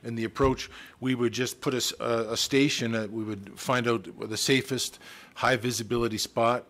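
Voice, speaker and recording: A man's voice: mid-range voice, steady tone, normal speed, fairly bright tone. A man, a town staff member presenting at a council meeting, hesitant, with many restarts and fillers. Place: council chamber.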